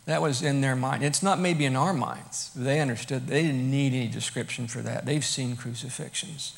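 A man preaching a sermon, emphatic, moving between quiet asides and loud bursts. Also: medium pitch, moderate pace, gravelly. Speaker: pastor.

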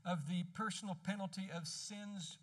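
High, bright-voiced preacher teaching from afar. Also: male voice, steady tone, moderate pace, far from the mic. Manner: conversational teaching with frequent self-corrections. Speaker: pastor. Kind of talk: expository sermon.

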